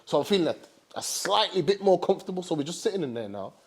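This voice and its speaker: A young man from England telling a story in a casual, animated way, full of slang like bro and fam. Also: sits high, fast, slightly rough.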